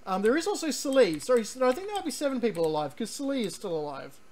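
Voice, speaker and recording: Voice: mid-range voice, big pitch swings, quick pace, a little mellow. Rambling game streamer. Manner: rambling and chatty, lots of fillers and restarts; reads on-screen game text aloud. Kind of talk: live let's-play commentary.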